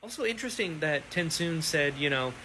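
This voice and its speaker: A man talks through his thoughts on a book in a casual vlog, gushing and firing off rhetorical questions. His tone is bright and forceful. His pitch swings widely, leaping up whenever he gets excited. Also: a little fast, a little hiss or hum, rough recording. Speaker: book reaction host.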